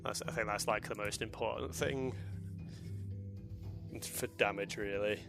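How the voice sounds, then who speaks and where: A man's voice: on the low side, steady tone, measured pace, gravelly, music in the background. A man doing casual live commentary on a strategy game match, rambling loosely and laughing often. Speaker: esports commentator.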